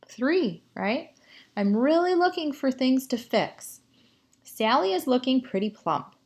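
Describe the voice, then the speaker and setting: This teacher's voice is high, sing-song and a little mellow. During a writing lesson she reads sentences aloud and asks the class what to fix, speaking slowly, explaining and asking the students questions.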